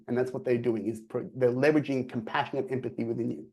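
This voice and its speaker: A man's voice: mid-range voice, fast talker, few pauses. A man giving a sales coaching talk on a video call, energetically acting out quoted dialogue. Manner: energetic, acts out quoted dialogue in lively voices. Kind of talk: presenting to a virtual audience.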